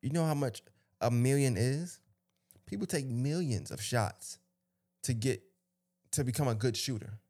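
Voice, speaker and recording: A man's voice: medium pitch, a little slow, long pauses, dark tone. A man hosting a podcast, giving a casual motivational rant with lots of repetition, restarts and emphatic asides. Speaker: podcast host.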